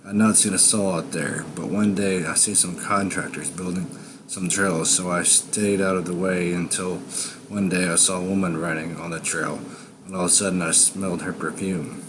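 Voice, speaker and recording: A man narrating a first-person scary story in a low, unhurried, menacing drawl. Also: fairly even intonation, noisy background.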